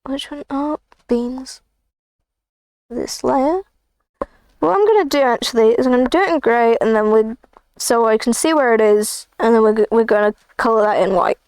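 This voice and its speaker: Woman streamer, playful rambler, high-pitched, dry close recording. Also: normal speed, darkish tone, smooth, dry recording. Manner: rambling, playful, jokey asides. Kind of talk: casual livestream chat while drawing.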